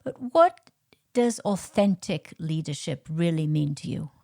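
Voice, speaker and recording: A woman's voice: low-pitched, lively intonation, unhurried, gravelly, a little mellow. A woman hosting a podcast, asking curious, friendly questions of her guest. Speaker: podcast host. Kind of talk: interview.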